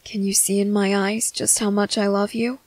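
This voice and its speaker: A woman voicing a tender young man comforting his partner in a whispered role-play, speaking softly, slowly and reassuringly. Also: mid-range voice, level tone, no echo, natural voice, low-quality recording. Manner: soft, slow, reassuring.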